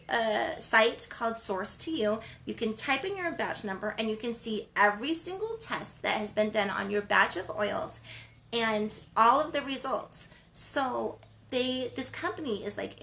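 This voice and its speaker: Woman, wellness host, casual rambling talk, lots of ums, gravelly fry, bright tense tone. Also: a little high. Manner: chatty, rambling, frequent ums and restarts. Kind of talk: casual spoken segment.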